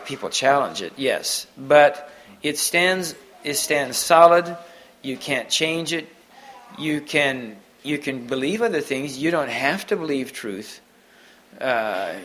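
A man's voice: mid-range voice, sharp tone, poor audio. Guy preaching off the cuff, keeps restarting his sentences, mid voice, bit of hiss behind. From Mennonite community. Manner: halting, many restarts and repeated words. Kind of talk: unscripted sermon.

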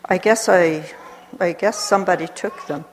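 A woman telling a personal story aloud, animated and acting out the voices of people she quotes. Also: lowish voice, moderate pace. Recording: long hall reverb.

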